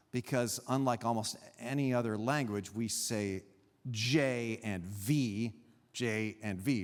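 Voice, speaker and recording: A man preaching a sermon as a pastor, teaching in an animated way with pauses and emphasis. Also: mid-range voice, big-room sound. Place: church sanctuary.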